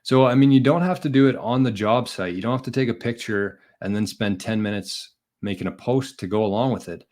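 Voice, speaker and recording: A man's voice: medium pitch, a little fast, darkish tone. A man hosting a podcast on his own, giving casual, encouraging advice in a rambling, conversational way. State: out of breath. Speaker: podcast host. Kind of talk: casual solo livestream advice.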